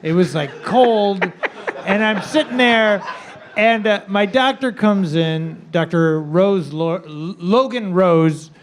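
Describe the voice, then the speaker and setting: High-pitched middle-aged guy telling a funny story, keeps laughing and repeating himself. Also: slow, slight background noise. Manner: chuckling, restarts and repeats himself. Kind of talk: casual comedic storytelling.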